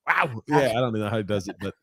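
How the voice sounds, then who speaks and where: An energetic male podcast host whose pitch swings widely as he chats. He talks casually and swears now and then, and his voice is dry and close, with no room sound. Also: no room sound.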